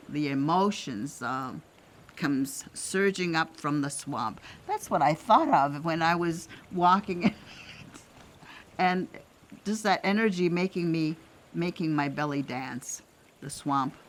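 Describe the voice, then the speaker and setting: An older woman from Canada, an elder telling a personal story in a gentle, reflective way, pausing often and laughing softly. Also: deep voice, slight background noise. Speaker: elder sharing traditional teachings.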